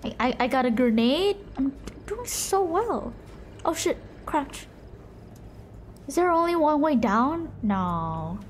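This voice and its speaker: A young woman streaming a game live, teasing her chat and breaking into shrieks and shouts. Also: sits high, animated, measured pace, a little hiss or hum. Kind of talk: live gameplay commentary.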